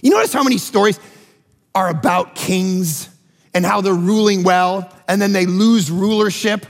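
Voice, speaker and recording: Animated male pastor, gravelly, echoing hall. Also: high voice, normal speed. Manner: animated, acts out voices in his stories. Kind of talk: sermon. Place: church auditorium. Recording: large hall with long reverb.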